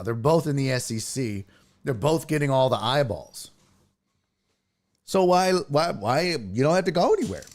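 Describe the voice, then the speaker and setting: A man from Texas hosting a relaxed sports chat stream, thanking followers and answering viewer comments as he goes. His pitch sits a bit high for a man and swings widely, rising and falling all the time. He takes his time, speaking at an unhurried pace with a teasing edge. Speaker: sports talk show host.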